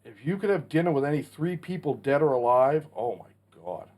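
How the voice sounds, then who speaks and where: A man's voice: fairly high pitch, animated, normal speed, a little mellow. A man in his forties hosting a casual Q&A vlog, talking in a blunt, plainspoken way with some mild swearing. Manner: blunt, plainspoken, mildly profane. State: has the hiccups. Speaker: channel host answering a Q&A.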